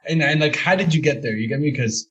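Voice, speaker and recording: A man hosting a podcast who talks in a slightly higher register than most men. His questions ramble loosely, full of slang and restarts, in a casual, easygoing way. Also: quick pace, a bit bright, highs cut off. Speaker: podcast host.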